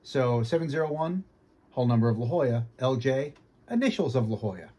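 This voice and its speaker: A man from Boston with a faint Boston accent, giving an easygoing casual review from his home sim cockpit and often clearing his throat. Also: medium pitch, sing-song, brisk, mellow. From Boston, United States. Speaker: flight sim hobbyist.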